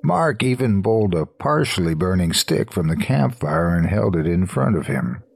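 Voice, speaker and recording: Casting: deep, husky-voiced man narrating horror, slow and lively in pitch. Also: no echo. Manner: slow, low and hushed storytelling. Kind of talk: scripted horror story narration.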